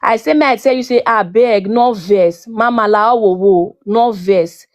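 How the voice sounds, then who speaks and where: A woman's voice: mid-range voice, normal speed, no echo. A woman with a Nigerian accent speaking as a guest on a live stream, pleading in Pidgin and repeating her apologies. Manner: pleading, repeats "abeg, no vex".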